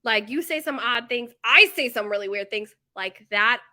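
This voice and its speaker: High bright chatty woman. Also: moderate pace. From United States. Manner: chatty and animated, full of fillers and tangents. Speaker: bakery owner. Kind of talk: casual chat to camera.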